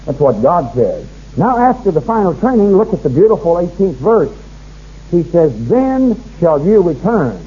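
A man's voice: a little high, big pitch swings, moderate pace, mellow, dull audio, slight background noise. A man preaching a fervent sermon, reading scripture aloud and rising in force as he warns his listeners.

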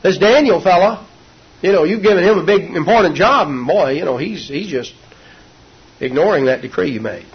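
A preacher doing sly, tattling court schemers. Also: male voice, high-pitched, lively intonation, moderate pace, husky, full character voice. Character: scheming male court officials tattling to the king. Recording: dull lo-fi recording.

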